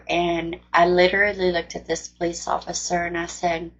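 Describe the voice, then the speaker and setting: A woman's voice: lowish voice, flat delivery, moderate pace, lo-fi sound. A woman casually sharing a personal testimony as a mother, in an earnest, plain-spoken and rambling way.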